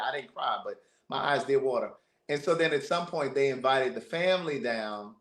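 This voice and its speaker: A man hosting a livestream, telling a family story in a casual, animated way, often repeating words. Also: medium pitch, fairly quick. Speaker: livestream host. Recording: roomy echo.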